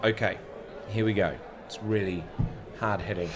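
A man's voice: lowish voice, steady tone, normal speed, background noise. A man with a New Zealand accent hosting a playful, casual chat. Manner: playful, chatty.

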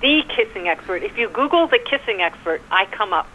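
A woman with a New York accent speaks with lively, playful animation, telling her stories with flair. She comes through a dull, lo-fi phone-style line with a faint hiss behind her. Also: medium pitch, brisk. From United States. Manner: animated, flirtatious storyteller. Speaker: guest. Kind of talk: phone-in interview.

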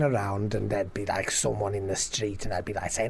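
A man's voice: fairly low pitch, moderate pace, vocal fry, few pauses, breathy edge. A man from England chatting casually, rambling through a holiday story with fillers and frequent swearing. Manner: rambling, anecdotal, swears freely. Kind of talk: casual chat.

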